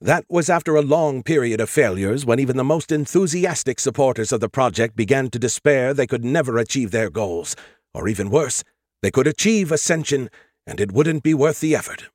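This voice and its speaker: Smug know-it-all AI, put on by a male audiobook narrator: condescending, animated, bone-dry read. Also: mid-range voice, fairly quick, dry recording, lightly acted. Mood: explaining. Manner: condescending, lecturing. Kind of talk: audiobook character voice.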